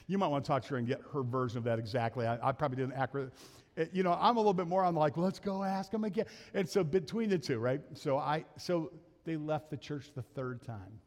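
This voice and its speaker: A man preaches from the pulpit in a casual, storytelling way, often laughing at himself. His voice sits a little on the high side. The sound carries a long reverb from the church hall. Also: fast. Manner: conversational, self-deprecating, laughs often. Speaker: pastor. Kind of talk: sermon storytelling. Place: church sanctuary.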